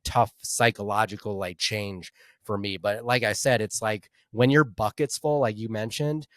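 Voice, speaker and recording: A man talks as a guest on a casual health podcast in a somewhat low voice. He speaks in a relaxed, conversational way, restarting phrases and using "like" as a filler. The recording is dry and close, with no room echo. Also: moderate pace. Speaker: podcast guest and nutrition practitioner.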